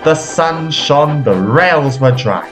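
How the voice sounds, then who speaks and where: A man reading a children's railway storybook aloud in a slow, expressive storytelling manner. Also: fairly high pitch, over music. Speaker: storybook reader. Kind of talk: storybook narration.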